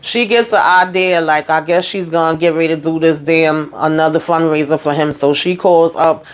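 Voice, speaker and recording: Animated woman recapping a TV episode. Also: low-pitched, moderate pace. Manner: animated storytelling, acts out characters' quotes, frequent fillers. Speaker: TV recap host.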